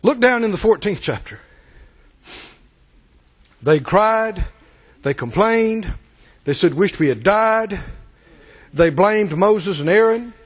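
A man preaching a sermon, animated and folksy, swinging from low asides to shouted peaks. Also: slow, pauses often, muffled recording. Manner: folksy, jokes with the congregation.

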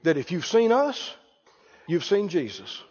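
A man's voice: high voice, huge pitch swings, measured pace, darkish tone, big-room sound, lo-fi sound. A man preaching a sermon in a church, emphatic and calling out questions for the congregation to answer.

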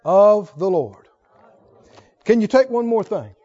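A man's voice: high voice, lively intonation, slow pace, warm tone. A male preacher delivering a fervent sermon, exhorting and calling on the congregation to answer back. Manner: fervent, exhorting, calls for audience response. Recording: dull lo-fi recording.

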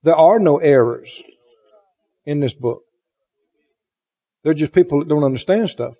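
A man delivers a folksy sermon, his high voice swooping up and down as he acts out the people in his stories. His tone is husky and mellow. The recording is dull and lo-fi, with the long reverb of a church sanctuary. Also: lively intonation, unhurried. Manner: folksy storytelling with laughs and quoted voices. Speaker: pastor. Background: congregation answering amen.

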